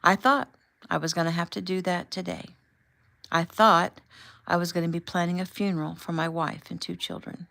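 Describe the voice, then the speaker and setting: A gentle husband who comforts and reassures in a soft, unhurried way, read by a woman. The voice sits fairly low and sounds close and dry, with no room around it. It stays calm and caring throughout. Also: creaky, dry recording. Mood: tender. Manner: gentle, soothing. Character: tender reassuring husband, adult man.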